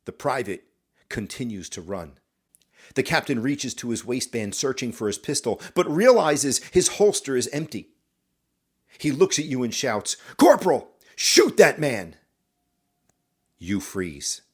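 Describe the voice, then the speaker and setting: A man's voice: medium pitch, lively intonation, normal speed, slightly rough. A man hosting a podcast, telling a story in a scripted, dramatic way and talking straight to the listener. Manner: dramatic, addresses the listener directly. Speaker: podcast host.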